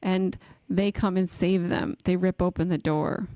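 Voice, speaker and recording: Animated woman recapping a book. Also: lowish voice, a little slow, dry recording. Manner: animated storyteller, laughs often, acts out quotes. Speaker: podcast co-host. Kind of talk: casual chat recapping a book.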